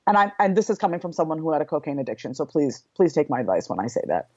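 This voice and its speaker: Woman guest, lowish voice, lively and frank, dry lo-fi sound. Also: rapid-fire, dry recording. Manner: animated, acts out inner voices. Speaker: podcast guest. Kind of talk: candid interview talk.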